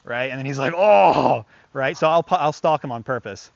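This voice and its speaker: Male dog trainer, casual and chatty, fillers everywhere, mid pitch, muffled lo-fi recording. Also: fast talker, a bit bright, dry recording. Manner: chatty, filler-heavy, talks to the dog in bursts of praise and commands. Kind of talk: casual hands-on lesson.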